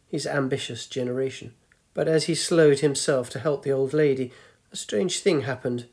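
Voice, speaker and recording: A man narrating a story in a measured, gently descriptive way. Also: mid-range voice. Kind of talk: scripted narration.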